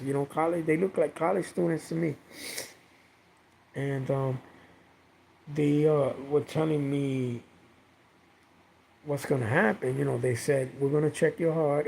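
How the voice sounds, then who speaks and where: Man, rambling casual storyteller, gravelly voice, faint hiss behind. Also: mid-range voice, darkish tone, poor audio. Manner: rambling, repeats himself, swears. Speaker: vlogger telling a personal story.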